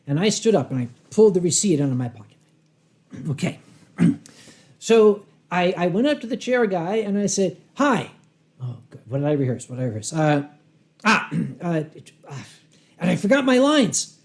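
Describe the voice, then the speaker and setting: A convention storyteller with a high-pitched, very animated voice tells a humorous story live. He keeps the tone dry and wry, pauses dramatically, acts out his rehearsed lines, and clears his throat often.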